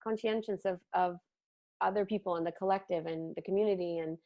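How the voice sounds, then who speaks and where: A woman in her thirties, a comic actor and podcast guest, telling candid stories in an animated way and swearing casually. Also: on the low side, brisk, dull audio. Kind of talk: casual interview chat.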